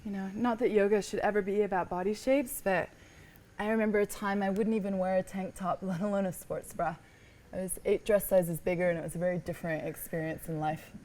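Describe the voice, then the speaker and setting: A woman leads a yoga class, cueing each pose in a calm, encouraging way. She is slightly out of breath as she moves through the flow herself. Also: mid-range voice, a little fast. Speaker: yoga teacher. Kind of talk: guided yoga class instruction.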